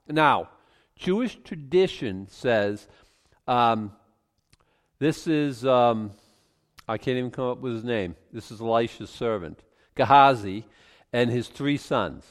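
A man preaching a sermon, reading scripture aloud and commenting in an animated way, chuckling often and restarting his sentences. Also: mid-range voice, slow pace, long pauses. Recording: long reverb from a large hall.

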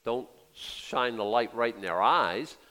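A man's voice: mid-range voice, animated, takes it slowly, pushed and bright. An older man in his sixties preaching a sermon in a conversational way, acting out quotes in little voices. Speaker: pastor.

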